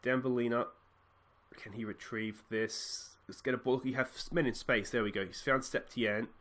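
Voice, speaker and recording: Excitable Australian man commentating his game. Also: mid-range voice, moderate pace. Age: 30s. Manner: excitable, swings from shouting to deflated murmurs. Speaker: gaming video host. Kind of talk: live football game commentary.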